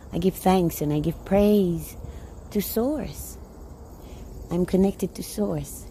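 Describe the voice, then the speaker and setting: A woman with a low, very dark, mellow voice rambles easily and unhurriedly, laughing now and then and repeating herself. She talks outdoors while watering plants, with faint crickets and insects behind her. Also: a little hiss or hum, poor audio. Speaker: vlogger. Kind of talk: casual chat. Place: garden outdoors.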